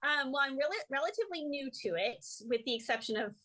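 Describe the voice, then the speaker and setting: A woman guest on an interview podcast who tells stories with gusto, laughing often and slipping into the voices of the people she quotes. Her voice sits a little high for a woman. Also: fast talker, low-quality recording. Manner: animated storyteller, laughs often. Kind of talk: casual storytelling interview.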